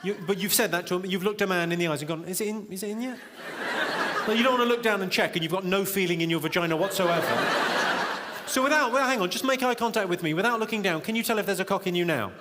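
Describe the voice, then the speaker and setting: A man doing live stand-up comedy in a large auditorium, deadpan and teasing the crowd. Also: high-pitched, very fast, heavy background noise. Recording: echoey live hall, loud audience laughter. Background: audience laughter.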